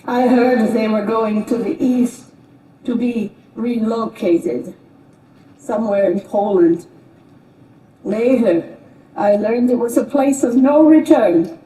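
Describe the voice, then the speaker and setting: Slow grave woman narrating a stage play. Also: on the high side, warm tone, a little hiss or hum. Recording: roomy distant stage recording.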